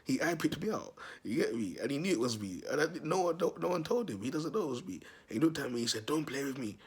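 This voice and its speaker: A young man telling a story in a casual vlog, animated and slangy, laughing often. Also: fairly high pitch, fast, slightly rough. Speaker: self-styled prophet vlogger.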